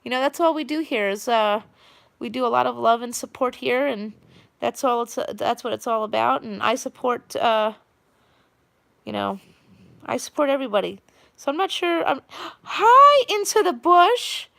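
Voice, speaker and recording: A woman with a New York accent from Long Island chats rambling and friendly on a live stream, greeting viewers by name. Her voice sits a little high with a gravelly fry running through it. The sound is dry, with no room echo. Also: moderate pace, pauses often. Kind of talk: casual live-stream chat.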